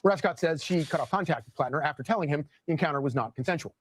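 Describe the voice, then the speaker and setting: A man reporting the news in a brisk, matter-of-fact way. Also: a little high, husky.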